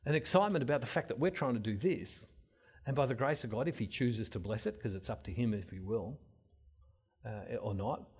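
A man giving an informal sermon-style talk, telling stories with many restarts and swinging between loud and soft. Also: mid-range voice, animated, brisk, breathy edge. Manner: rambling storyteller, many restarts.

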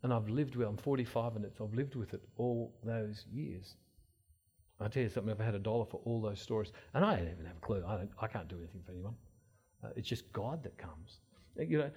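Husky man preaching, rambling. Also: mid-range voice. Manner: rambling storyteller, many restarts; animated, swings loud and soft. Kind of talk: informal sermon-style talk.

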